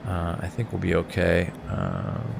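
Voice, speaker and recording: A man's voice: deep voice, very animated, unhurried, creaky, noisy background. A middle-aged man streaming a flight sim in casual chat, laughing often as he answers his viewers.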